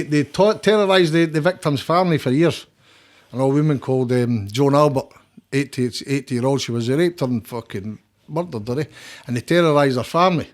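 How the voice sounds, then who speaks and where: An older Scottish man talking as a podcast guest, blunt and rambling, with frequent swearing. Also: a little high. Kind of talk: casual conversation.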